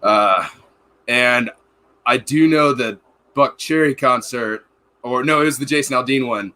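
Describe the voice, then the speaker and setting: A man's voice: medium pitch, unhurried, pushed and bright. A man in casual podcast chat, rambling through rowdy military anecdotes with lots of swearing and acted-out quotes. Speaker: podcast host.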